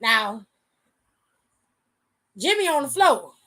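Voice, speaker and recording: A high-voiced woman hosting an aftershow, recapping in loose casual slang. She tells it with lots of animation and jumps into the voices of the people she quotes. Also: very animated, slow, vocal fry, sharp tone. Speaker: show host.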